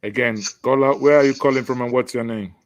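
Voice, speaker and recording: A man's voice: mid-range voice, fairly even intonation, fast. A man with a Nigerian accent hosting a call-in show, mocking the news with sarcastic jokes. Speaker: host taking callers. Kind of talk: satirical call-in chat.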